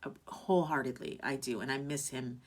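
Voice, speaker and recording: A woman with a low voice hosts a casual live-stream chat and reads viewer comments aloud. She talks in a heartfelt, meandering way, restarting sentences and filling pauses with "um" and "you know.". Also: steady tone, slightly rough. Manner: warm, heartfelt, rambling with many fillers and restarts. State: tearful at moments. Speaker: host of a live online show.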